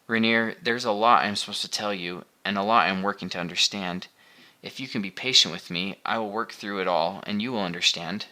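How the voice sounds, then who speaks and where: A man reading the part of a gentle, tearful mother who speaks softly and patiently in an audiobook. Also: on the low side, a little fast. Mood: tender. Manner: soft, soothing, quiet.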